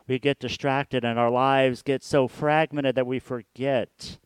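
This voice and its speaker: A male pastor gives a reflective sermon at a slow, unhurried pace in a smooth, clear voice. He often repeats words and lets his phrases fade softly. The sound is close and dry. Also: medium pitch, fairly even intonation, no room sound. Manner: trails off softly at the ends of phrases.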